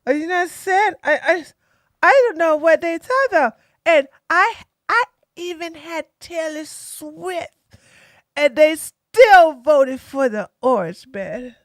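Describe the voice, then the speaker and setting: A woman's voice: very high voice, lively intonation, slow pace, no room sound, studio quality, voice pushed up, heavily acted. A woman putting on a mocking impression of a whiny, self-pitying defeated woman politician. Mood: indignant.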